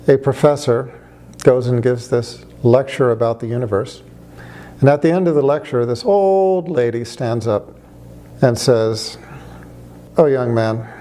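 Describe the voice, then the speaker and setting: A man talks through his argument, asking rhetorical questions and telling wry stories along the way. His voice is mellow and dark at mid pitch. A faint noise sits under the recording. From United States. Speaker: speaker on religion. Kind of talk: conversational argument to camera.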